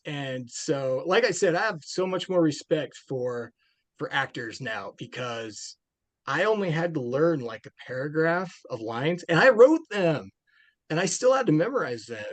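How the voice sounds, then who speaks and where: A man's voice: fairly high pitch, big pitch swings, measured pace, dry recording. A man, a film director being interviewed, talking casually and rambling with many restarts and fillers.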